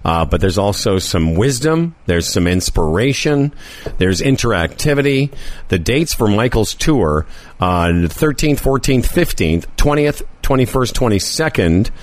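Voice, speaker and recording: A man's voice: fairly low pitch, big pitch swings, unhurried. A man hosting a radio show, chatting casually with dry, playful patter.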